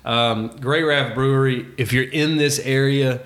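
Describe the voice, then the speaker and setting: Middle-aged male co-host, chatty and animated, casual swearing. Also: medium pitch, measured pace. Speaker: podcast co-host. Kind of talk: casual chat.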